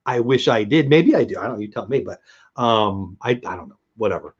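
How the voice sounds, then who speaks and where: A man's voice: fairly low pitch, animated, fairly quick, breathy edge. Man, livestream host, rambling chatty talk, dull lo-fi sound. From San Diego, USA. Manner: rambling, self-deprecating, chatty. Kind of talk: casual interview chat. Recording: slightly dull lo-fi audio.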